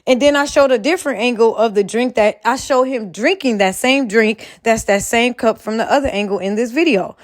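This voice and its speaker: A woman's voice: fairly high pitch, brisk, few pauses. A woman in a casual commentary vlog, talking straight to her viewers in a profane, emphatic rant. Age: adult, a mother. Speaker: vlogger.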